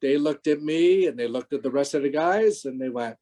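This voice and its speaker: Older man, guest on a video call, warm low-key tone, rambling anecdotes. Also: fairly quick, rough recording. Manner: rambling, many restarts. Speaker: guest, former stunt performer. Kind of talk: casual interview anecdotes.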